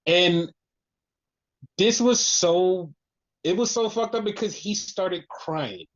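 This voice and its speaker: Animated podcast host, muffled lo-fi audio. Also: mid-range voice, slow pace, pauses often. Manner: animated storytelling, heavy use of "like". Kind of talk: casual wrestling recap chat.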